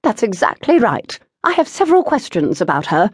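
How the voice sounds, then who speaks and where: A woman's voice: big pitch swings, fairly quick, husky, no room sound, studio quality. A woman voicing an exasperated, theatrical society mother who scolds her grown daughter. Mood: indignant. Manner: shrill, indignant, theatrical.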